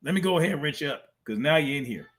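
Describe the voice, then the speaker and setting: A man's voice: a little high, expressive, very fast, a bit bright. A man hosting a live stream, reacting to clips with blunt, profane, mocking commentary. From family from Mississippi. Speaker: streamer host.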